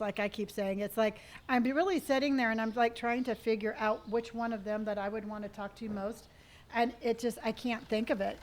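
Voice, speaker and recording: Gentle woman streamer chatting with viewers. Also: on the high side. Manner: warm, reads viewer comments and calls them honey. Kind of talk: casual live-stream chat.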